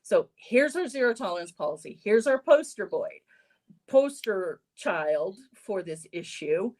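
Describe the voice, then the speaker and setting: A woman's voice: mid-range voice, expressive, a little slow, darkish tone. Chatty woman hosting a sports segment. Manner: chatty, laughs at her own lines. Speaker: podcast segment host. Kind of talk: casual opinion talk.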